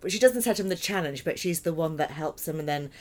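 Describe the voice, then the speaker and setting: A woman's voice: sits low, expressive, fairly quick, darkish tone. A woman stage actor chatting in an interview, laughing often and poking fun at herself. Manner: chatty, laughing, self-deprecating. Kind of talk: casual interview.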